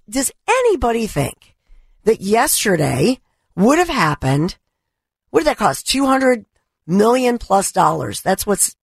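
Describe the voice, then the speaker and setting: A middle-aged woman hosting a talk radio show, her voice hoarse from allergies, delivering an impassioned, indignant monologue. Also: mid-range voice, no echo, studio quality. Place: radio studio. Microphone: studio microphone.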